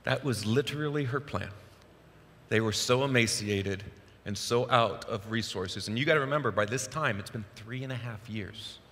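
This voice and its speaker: A male pastor preaching a sermon in a casual, conversational, animated way, recorded in a church sanctuary with a long reverb. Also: medium pitch, normal speed.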